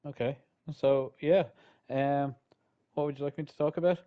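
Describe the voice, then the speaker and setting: A man's voice: on the high side, steady tone, normal speed, clean tone, highs cut off. A man co-hosting a casual podcast, teasing and joking, with some swearing. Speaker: podcast co-host. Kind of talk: casual chat.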